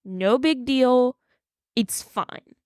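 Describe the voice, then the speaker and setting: A woman's voice: a little high, very slow, clear, resonant tone, no room sound, clean studio sound. A woman in her twenties co-hosting a podcast, retelling a story in casual chat, acting out quotes and saying "like" a lot. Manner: animated retelling, acts out quotes, many "like"s. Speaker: podcast co-host.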